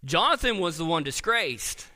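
A man preaching a sermon in a church sanctuary, his voice bright and forceful, pitched a little above most men. He reads scripture aloud with earnest emphasis and drops soft on key words. The sound rings with the long reverb of a large hall. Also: sing-song, moderate pace. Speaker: pastor.

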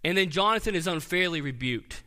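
A pastor preaching a sermon, reading scripture aloud with earnest emphasis and dropping soft on key words. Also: male voice, on the high side, animated, a little fast. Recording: long reverb of a large hall.

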